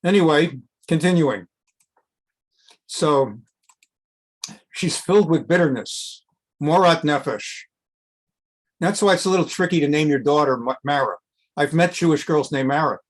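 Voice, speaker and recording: A middle-aged man teaching a casual Bible class as a rabbi, wandering into jokes and reading Hebrew phrases before translating them. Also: on the high side. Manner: chatty, digressive, tells jokes, reads Hebrew then translates. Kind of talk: informal scripture lesson.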